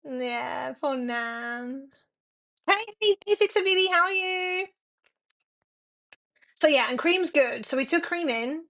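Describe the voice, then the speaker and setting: A woman's voice: high-pitched, animated, slow pace, pauses often, a bit bright. A young woman streaming from home, chatting frankly and swearing a lot as she rambles to her viewers. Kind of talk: casual chat to a live stream audience.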